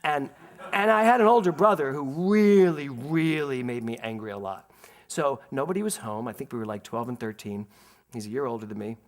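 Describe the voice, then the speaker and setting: A middle-aged man from delivers a sermon. He tells his anecdotes with lively energy and leans on quieter, slower phrasing when he turns to spiritual teaching. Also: medium pitch. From Philadelphia, USA. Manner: animated storyteller, laughs through anecdotes, slows to calm spiritual emphasis. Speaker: minister. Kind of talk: sermon with personal storytelling.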